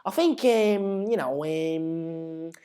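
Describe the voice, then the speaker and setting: A man putting on a Scouse accent to play a young male footballer giving a halting post-match interview full of "um" and "you know". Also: fairly high pitch, warm tone, smooth. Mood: mumbling.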